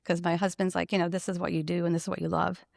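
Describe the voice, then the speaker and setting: A woman who owns a salon, telling an emotional personal story in an animated, conversational way and laughing often. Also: on the low side, racing, gravelly, dry recording, clean studio sound. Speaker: salon owner.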